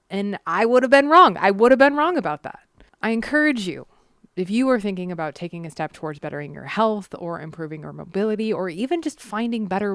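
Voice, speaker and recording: A woman's voice: on the low side, dry recording, clean studio sound. A woman reading her own personal essay aloud, earnest and candid, with blunt swearing and wry self-aware humor.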